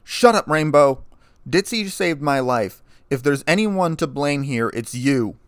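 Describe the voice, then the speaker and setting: A man reading aloud, playing an injured young man who speaks slowly and forcefully through pain. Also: medium pitch, clear, resonant tone, dry recording, clean studio sound, close to an everyday voice. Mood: furious. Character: injured young human man, bitter and angry.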